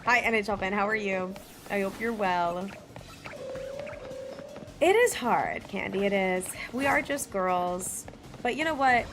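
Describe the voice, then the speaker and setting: A woman's voice: mid-range voice, measured pace, over music. A woman streamer chatting casually with her live chat, blunt, swearing freely and laughing often.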